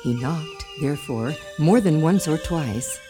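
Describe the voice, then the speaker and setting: A woman narrating a radio drama in an expressive, formal storytelling manner. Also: low voice, unhurried. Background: music.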